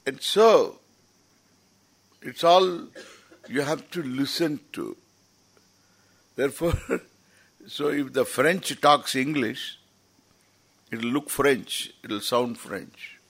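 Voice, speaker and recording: A man's voice: medium pitch, extremely slow, creaky, pauses often, a bit bright, husky. A man giving an informal, rambling lecture as a teacher at a scripture camp, often restarting his sentences. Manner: rambling, explanatory, with frequent restarts.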